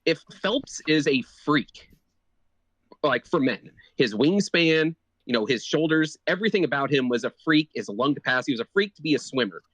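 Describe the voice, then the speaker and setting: A man's voice: fairly high pitch, animated, normal speed, a bit bright, no room sound, muffled recording. Argumentative man in a dry, close sound. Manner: argumentative, laying out points with many "like" fillers. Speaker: podcast co-host. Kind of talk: casual sports podcast chat.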